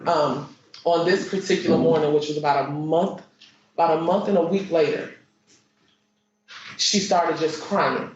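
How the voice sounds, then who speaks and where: A woman giving courtroom testimony, halting and repeating herself with many fillers. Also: sits low, fairly even intonation, darkish tone. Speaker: witness. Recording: echoey muffled courtroom stream.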